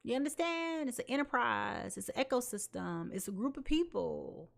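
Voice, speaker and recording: A woman giving a live tarot reading, chatty and slangy, talking straight to her viewers and swinging between loud and soft. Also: on the high side, lively intonation, moderate pace, gravelly. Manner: chatty and slangy, addresses viewers as y'all and child. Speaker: tarot reader.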